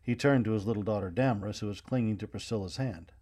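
A man narrating a children's storybook in an expressive, gently paced reading voice. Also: fairly low pitch, fast talker.

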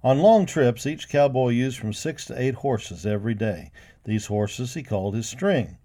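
A man's voice: mid-range voice, unhurried. A man reading a western storybook aloud, giving each character a voice of his own. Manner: lively, voicing each character. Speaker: narrator.

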